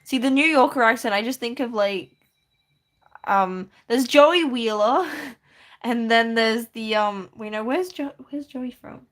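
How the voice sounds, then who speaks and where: A woman's voice: fairly high pitch, slow. A woman chatting casually on a livestream while drawing, rambling with many fillers and easy laughs. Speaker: streamer.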